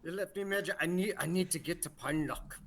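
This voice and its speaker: A man's voice: sits high, quick pace, fairly bright tone, slight background noise, voice pushed up. A man voicing a frightened, out-of-breath older man who is fleeing and begging for help. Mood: panicked. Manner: pleading, panicky, urgent. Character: frightened, wheezing old man on the run.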